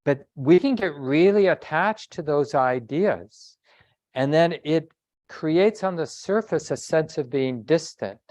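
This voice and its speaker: A man giving a dharma talk as a meditation teacher, speaking in a reflective, conversational way with pauses and self-corrections. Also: on the high side, lively intonation, darkish tone, no room sound.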